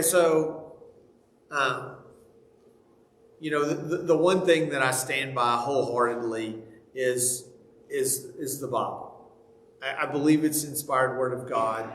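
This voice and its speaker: Texan man, folksy Bible class teacher, stop-start delivery, slightly high voice, roomy church sound with faint hiss. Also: a bit bright. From Texas. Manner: folksy, halting, many fillers and restarts. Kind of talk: casual church class talk. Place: church auditorium. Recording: echoey church room, faint noise.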